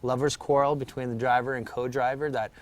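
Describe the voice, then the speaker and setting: A man's voice: mid-range voice, fairly even intonation, brisk. Host guy reading out viewer questions, teasing and jokey, casual live show. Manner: joking, teasing.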